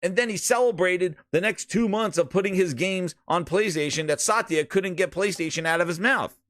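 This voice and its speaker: A man's voice: sits high, moderate pace, no room sound. A man hosting a gaming podcast alone, ranting casually with profanity and mockery. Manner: profane, mocking, animated. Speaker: podcast host.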